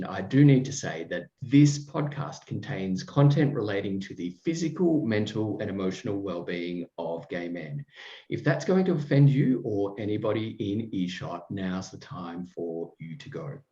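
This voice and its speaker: A man's voice: lowish voice, mellow, dull audio. Effusive male podcast host, roomy sound. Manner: effusive, rambling with fillers and restarts. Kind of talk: casual chat with a guest.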